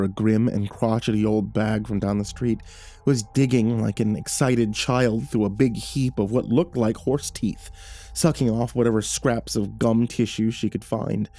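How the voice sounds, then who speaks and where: A man narrating a horror story in a measured, dramatic way, with nervous stammered repeats in the telling. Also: lowish voice, dark tone. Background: faint background music.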